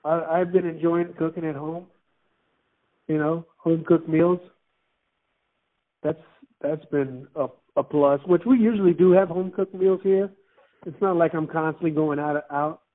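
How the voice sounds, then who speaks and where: A man with a fairly high voice talks in a loose, rambling way. He restarts his sentences and laughs often. The sound is thin and tinny, like a phone line. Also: fairly even intonation, unhurried, long pauses. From Miami. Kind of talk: casual chat.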